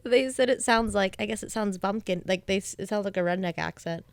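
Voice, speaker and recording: A woman's voice: medium pitch, a little fast, gravelly, no echo. Young adult woman, comedian guest; loose chatty delivery with frequent laughs; dry, close recording. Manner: chatty, laughs often, many "like" fillers. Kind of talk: casual chat. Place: bedroom.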